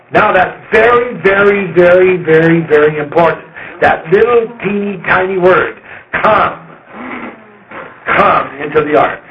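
A man's voice: a little high, slight background noise. Man teaching scripture in a roomy hall. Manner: conversational and emphatic, repeating words for stress. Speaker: Bible teacher. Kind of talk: informal Bible study lecture. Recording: roomy, dull lo-fi recording.

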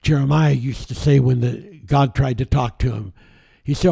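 A man preaching a sermon, reading scripture aloud and explaining it, with halting restarts and drawn-out key words. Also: medium pitch, gravelly, mellow, husky.

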